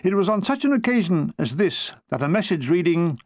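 An older man from England reading his own war memoir aloud, with dry comic timing and quick jumps into put-on voices. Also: sits high, very animated, a little mellow, no room sound.

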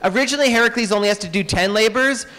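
An animated man tells myths to children at a library event, joking and darting into asides. His voice is high and lively. It echoes in a roomy hall with faint background noise. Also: very fast. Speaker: author and illustrator. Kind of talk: lively storytelling talk to children. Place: public library event room.

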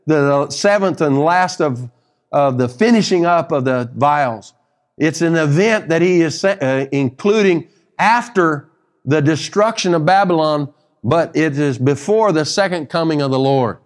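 A man teaching a Bible study sermon, emphatic, reading scripture aloud and often restarting phrases. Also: a little high.

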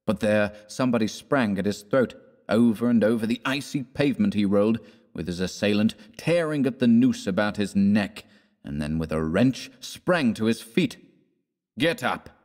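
A man narrating a classic horror story in a measured, dramatic storytelling manner. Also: fairly low pitch, expressive, darkish tone, big-room sound. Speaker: audiobook narrator.

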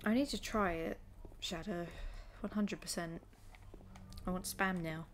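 Slow-talking British woman streaming a game. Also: on the low side, steady tone, slight background noise. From United Kingdom. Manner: chatty, sweary and frustrated, laughing often. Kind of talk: live gameplay commentary.

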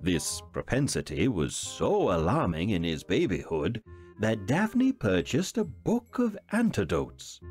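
Guy reading a fairy tale, slow and dramatic, voice swooping up and down. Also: lowish voice. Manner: expressive, dramatic storytelling. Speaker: reader. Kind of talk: storybook narration.

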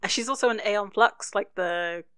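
A woman's voice: mid-range voice, moderate pace, fairly bright tone, clean tone. A British woman co-hosting a podcast, musing thoughtfully through a TV episode with lots of "like". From United Kingdom. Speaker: podcast co-host. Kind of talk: casual chat recapping a TV episode.

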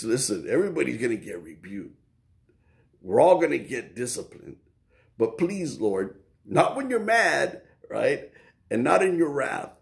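A man gives a casual, emphatic sermon, slipping into quoted prayers as he preaches. His voice sits at an ordinary pitch, and the room around him rings with echo. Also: gravelly. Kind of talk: informal sermon.

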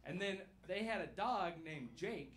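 Rambling, swearing young stand-up comedian. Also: male voice, sits high, expressive, unhurried, a bit bright. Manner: loose, rambling, swearing, laughing at own jokes. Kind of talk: stand-up set. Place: comedy club stage with a live audience. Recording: live club recording with audible background noise.

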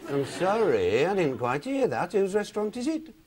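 Sly, wheedling owner. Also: male voice, mid-range voice, big pitch swings, normal speed, crowd noise. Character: scheming, cheeky male restaurant owner. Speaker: restaurant owner. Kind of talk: sitcom acting.

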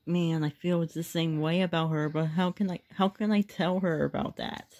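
A performer voicing a bashful young player character in an amateur voice drama, stammering and halting. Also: medium pitch, steady tone, darkish tone, natural voice.

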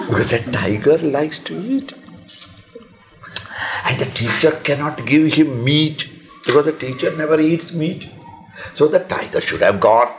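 Animated Indian storyteller man. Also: on the high side. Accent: Indian English. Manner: animated, laughing often, dramatic pauses. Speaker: storyteller, monk. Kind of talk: telling a children's story.

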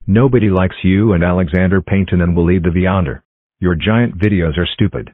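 A deep computer male voice playing a bratty bald boy who hurls flat, robotic insults. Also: a little fast, dry recording. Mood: taunting. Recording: tinny phone-like dry sound.

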